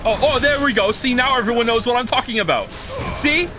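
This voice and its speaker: A man's voice: very high voice, brisk, music in the background. A man streaming a video game while reading chat, rambling, swearing and reacting with incredulous outbursts.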